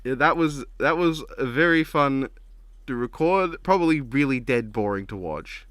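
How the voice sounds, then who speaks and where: A man's voice: mid-range voice, animated, measured pace, a bit bright, no echo. A man hosting a casual reaction chat, laid-back and rambling with frequent giggles. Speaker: channel host.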